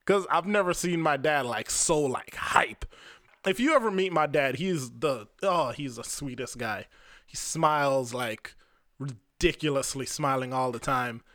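Young guy podcasting, candid and swearing a lot, says "like" constantly, bright voice, dry close sound. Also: mid-range voice, measured pace, dry recording. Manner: candid, profane, fills talk with "like". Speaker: podcast host. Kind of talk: personal storytelling monologue.

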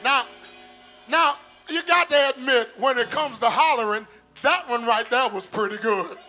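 A man's voice: very high voice, normal speed, music in the background. An older male pastor preaching in an old-school hollering style, calling on the congregation to answer back. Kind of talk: sermon.

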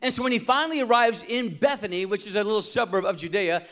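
Preaching quickly in a high voice, this pastor shifts from loud emphasis to hushed tones. He also calls on the congregation to answer him.

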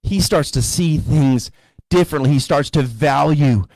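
A male pastor preaching a sermon in a conversational storytelling way, sometimes rising to animated emphasis. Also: on the high side, measured pace, no room sound. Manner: conversational storytelling preacher, voices characters casually.

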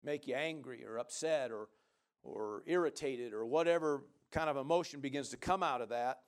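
A middle-aged male pastor preaching a sermon, moving from quiet talk into shouted praise. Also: medium pitch, normal speed.

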